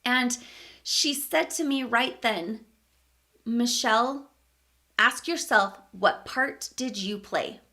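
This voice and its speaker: A woman's voice: fairly high pitch, takes it slowly, pushed and bright. A woman vlogger telling a personal story in a candid, emphatic way, swearing casually.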